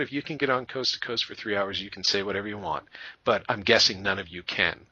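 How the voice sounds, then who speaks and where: A man from Canada hosting a podcast, telling rambling, animated stories in a casual chat. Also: lowish voice, fast, husky, dry recording, muffled recording. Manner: rambling, animated storyteller who breaks into funny voices. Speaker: podcast host.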